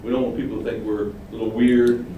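A man preaching a sermon, animated, acting out quoted lines with sudden rises. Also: on the low side, quick pace. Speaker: pastor. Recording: very echoey room, distant mic, faint noise.

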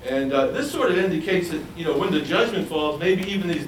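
Brisk and with few pauses, a man with a fairly high pitch gives an animated sermon, asking the audience questions and acting out others' voices. The distant, roomy recording has faint ambience and a little hiss or hum.

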